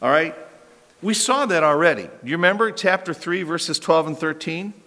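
A man's voice: on the high side, lively intonation, moderate pace, sharp tone. A man preaching an expository sermon, emphatic, repeating key phrases and checking in with his listeners. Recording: long hall reverb.

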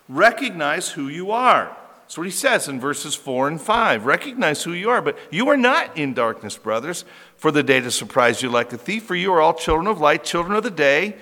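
A man's voice: on the high side, very animated, normal speed, sharp tone. A man preaching an expository sermon as pastor, emphatic and repeating key phrases for stress, recorded in a church hall.

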